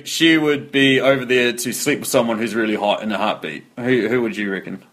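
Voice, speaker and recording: A man's voice: mid-range voice, a little fast. A man in a casual movie chat, joking and acting out scenes as he retells them. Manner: jokey, animated, acts out scenes. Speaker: podcast co-host.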